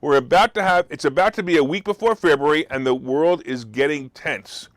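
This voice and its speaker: A man's voice: on the high side, fairly quick, dry recording. A man hosting a market talk show, delivering a sarcastic, mocking commentary monologue. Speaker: host.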